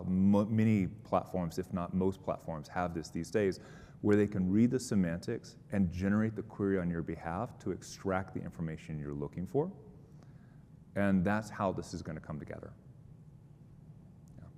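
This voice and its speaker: A low-voiced man stands before a conference crowd and answers their questions. He explains things in an upbeat, conversational way, and his voice trails off into a long hall reverb over a faint rumble. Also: darkish tone. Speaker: conference presenter.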